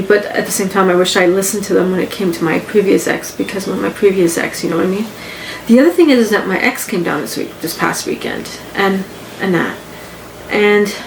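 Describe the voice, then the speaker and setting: A woman's voice: mid-range voice, creaky. Rambling woman podcasting from home. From Canada. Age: adult with grown children. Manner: rambling and candid, repeats phrases. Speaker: podcast host. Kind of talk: casual personal podcast monologue. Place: living room. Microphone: home podcast mic setup. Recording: echoey room with faint background hum.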